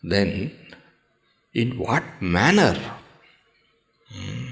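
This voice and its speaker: A man giving a scripture discourse, explaining slowly and carefully, reciting Sanskrit verses and posing questions to his listeners. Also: low voice, a bit bright. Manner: slow, measured explaining with pauses and rhetorical questions. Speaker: swami teaching scripture.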